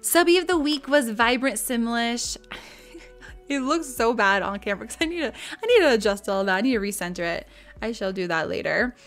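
A woman's voice: fairly high pitch, animated, fairly quick, a bit bright, soft background music. A woman in her thirties chatting casually on a live stream, thanking viewers by name and talking about her kids with frequent laughs. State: mother of young kids.

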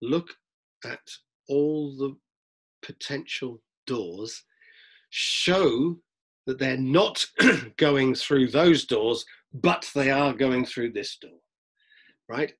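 A middle-aged man, a drama teacher, lecturing students in a lively way and acting out examples as he goes. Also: medium pitch, drawn-out words, pauses often. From London, England. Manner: lively, acts out examples, frequent restarts. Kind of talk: lecture-style talk to students.

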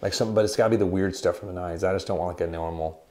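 A man in his forties with a lowish voice talks casually about guitars as a shop co-host. He rambles loosely from one story to the next and slips in deadpan jokes. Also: very fast. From United States. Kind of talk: casual chat.

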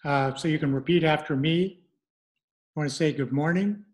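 A middle-aged man presenting an online language lesson, speaking haltingly with many fillers and restarts. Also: a little high.

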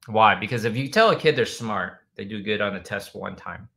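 A man with a low, gravelly voice hosts a laid-back livestream and reads out viewer comments. His tone is bright and forceful, and he rambles loosely, now and then breaking into loud chants to make a point. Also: expressive, moderate pace, low-quality recording. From United States. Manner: bursts into loud chanting when demonstrating. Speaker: host answering viewer comments. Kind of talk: casual livestream chat.

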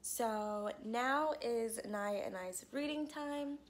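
A young woman and mother chatting casually in a home vlog, soft and slow with many fillers. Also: fairly high pitch. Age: young adult. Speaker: vlogger and mother. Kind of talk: casual vlog narration and baby talk. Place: home indoors.

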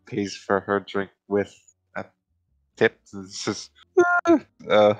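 A man playing a tabletop game, describing his character in a casual, relaxed way. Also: lowish voice, takes it slowly, no echo, rough recording. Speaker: player.

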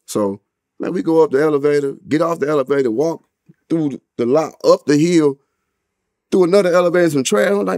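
A man telling a story in a casual interview, talking in heavy street slang and profanity, his voice jumping up loud and high whenever he acts out what people said. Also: fairly quick, no echo, studio quality. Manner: animated retelling with loud, high quoted exclamations. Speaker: interview guest.

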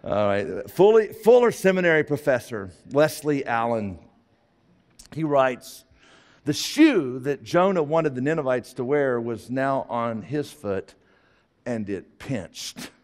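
A man preaching a sermon, animated, sometimes putting on high whiny voices for characters. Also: slow, big-room sound. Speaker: pastor.

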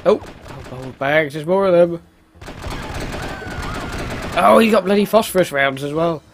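A man's voice: a little high, lively intonation, a little slow, background noise. A man giving casual, self-mocking commentary while playing a video game. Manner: chatty, exclaims at the game, laughs at himself. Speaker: let's play host.

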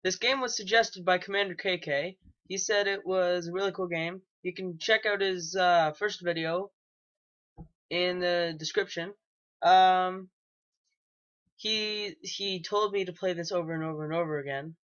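A man's voice: high voice, steady tone, unhurried, a bit bright. A young man, maybe a teenager, doing casual let's play commentary, hesitant and rambling with lots of ums and restarts. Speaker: gaming YouTuber. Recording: dull lo-fi home mic.

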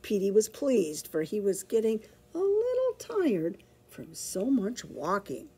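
A woman librarian reading a picture book aloud to children, with expressive, animated storytelling. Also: medium pitch, unhurried, breathy edge.

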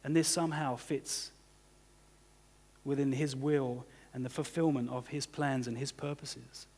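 A man's voice: medium pitch, steady tone, unhurried, darkish tone, breathy edge. A man preaching a sermon as pastor, talking in a loose conversational way full of "you know" and "kind of". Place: church hall. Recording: church hall reverb.

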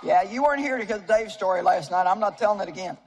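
A woman's voice: medium pitch, expressive, fast. Older woman in her 70s, from Missouri, preaching on stage: folksy, joking, plain-spoken, with faint room noise behind. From Missouri, United States. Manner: folksy, humorous storytelling with audience asides. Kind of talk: sermon to a live audience. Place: stage before an audience.

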